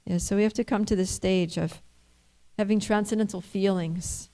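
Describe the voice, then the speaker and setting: A woman's voice: mid-range voice, fairly even intonation, normal speed, mellow, rough recording. A woman giving a scripture class, telling a story and reading commentary aloud in a conversational way with many fillers. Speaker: religious class speaker.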